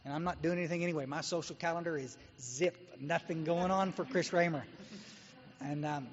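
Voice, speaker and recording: A man's voice: on the high side, a little fast. A man from Texas giving a guest talk at a recovery meeting, blunt and exhorting as he tells his story. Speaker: guest speaker. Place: meeting hall. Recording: dull echoey hall recording.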